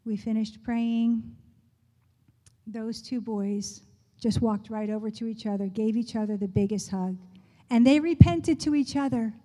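A woman telling a personal faith story in a church talk, earnest and quick to laugh, dropping to a hushed voice when she prays. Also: on the high side, in a large hall. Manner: earnest, laughs often, drops to a soft hush in prayer. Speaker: speaker sharing a testimony.

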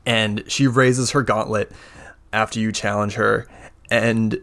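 A man acting as game master, narrating a tabletop role-playing game in a relaxed way full of "like" and "uh". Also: lowish voice, slow pace. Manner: relaxed, filler-heavy narration with many "like" and "uh".

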